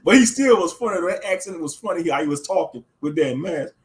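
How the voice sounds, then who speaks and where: Brief: male streamer, heated and slangy, high-pitched with a lively, swooping delivery. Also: brisk. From Louisiana, USA. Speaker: livestream host. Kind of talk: casual ranting commentary.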